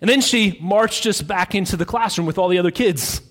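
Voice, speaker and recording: High-voiced pastor preaching in a reverberant hall. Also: male voice, fairly quick, fairly bright tone. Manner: conversational storytelling with fillers. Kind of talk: sermon.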